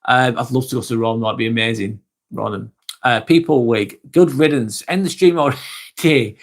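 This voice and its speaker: On a casual live stream, an English man with a British accent reads viewer comments out loud. His medium-pitched voice stays relaxed and chatty, dotted with ums and short bursts of laughter.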